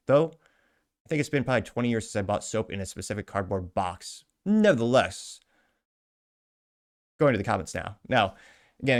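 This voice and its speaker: A man hosts a commentary show with a somewhat low voice. He reads viewer comments aloud and answers them in an indignant, sarcastic rant. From United States. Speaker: host. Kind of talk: commentary reading social media comments.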